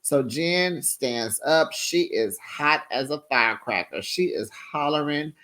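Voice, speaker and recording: Sassy recap host, animated storyteller, acts out all the drama, middle pitch. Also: slow. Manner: sassy asides like honey and child. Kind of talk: casual recap commentary.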